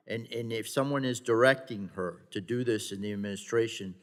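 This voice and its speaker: A man's voice: lowish voice, normal speed, hardly any pauses. A man speaking as a member of a committee markup, delivering a formal floor statement with earnest, insistent repetition and occasional stumbles. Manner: earnest, insistent, with repeated phrases and some stumbles. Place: large committee hearing room. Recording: long reverb from a hearing room.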